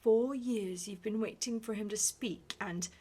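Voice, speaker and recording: A woman's voice: mid-range voice, a little slow, warm tone, husky. A woman whispering as a protective nursemaid. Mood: pleading. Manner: pleading, earnest. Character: anxious, protective older nursemaid. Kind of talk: whispered role-play.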